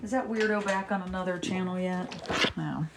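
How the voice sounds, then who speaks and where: A woman's voice: on the low side, fairly even intonation, moderate pace, heavy background noise. A middle-aged woman chatting casually on a livestream, rambling and exasperated as she talks to viewers. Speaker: livestream host.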